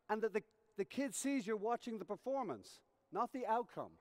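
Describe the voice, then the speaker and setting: A man with a high, lively voice speaks at a moderate pace, giving a coaching lecture at a conference as a tennis coach educator. He explains through acted-out examples and often checks in with his audience. The recording is reverberant, made in a conference hall.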